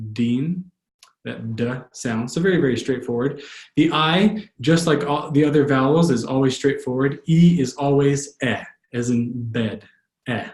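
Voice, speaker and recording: A male language tutor giving a pronunciation lesson, patiently repeating words slowly. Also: medium pitch, a little mellow. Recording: echoey room.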